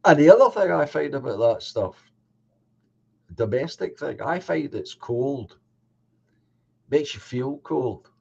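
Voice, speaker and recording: A man's voice: medium pitch, sing-song, slow, vocal fry, long pauses, darkish tone, breathy edge. A man with a Scottish accent hosting a live stream, chatting easily and greeting viewers in the chat. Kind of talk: casual chat. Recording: dull lo-fi audio.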